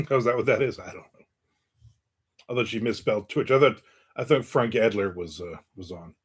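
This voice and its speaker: A man's voice: lowish voice, normal speed, husky. Chatty man telling a rambling anecdote. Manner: rambling, anecdotal, reads viewer comments aloud. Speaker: author hosting his own stream. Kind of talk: casual chat and storytelling.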